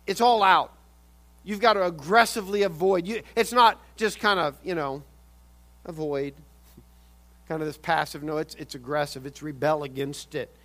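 A man preaching a sermon, swinging from loud urgent emphasis to quiet intensity and often repeating words. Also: high voice, moderate pace. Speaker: pastor.

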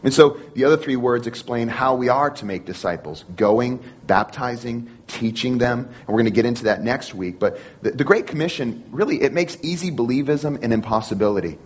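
A man's voice: mid-range voice, a little fast, hardly any pauses, husky, dull audio. A man preaching a sermon in an earnest manner, repeating phrases and restarting often. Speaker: pastor.

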